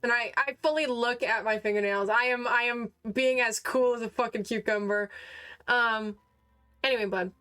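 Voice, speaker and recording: Woman player, brash and profane, slightly high voice. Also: fairly even intonation, moderate pace, pushed and bright, clear, resonant tone, soft background music. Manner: brash, swears, interrogating. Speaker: tabletop game player. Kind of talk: playing a tabletop game.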